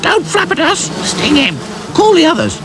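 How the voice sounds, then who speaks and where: Tiny greedy wasps, super squeaky and pushy. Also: male voice, very animated, measured pace, background noise, heavily acted. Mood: angry.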